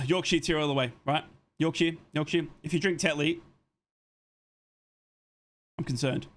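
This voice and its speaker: Chatty man streaming a match watchalong. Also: a little high. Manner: chatty, reads and answers viewer comments between plays; apologetic, quick to say sorry. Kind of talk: casual live match commentary and chat.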